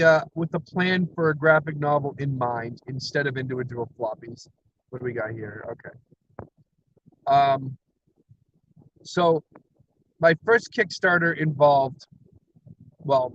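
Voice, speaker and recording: A man's voice: a little high, muffled recording. A man livestreaming from his parked car, rambling energetically with frequent laughs and self-deprecating asides. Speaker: comic creator livestreaming. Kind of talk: rambling solo livestream chat.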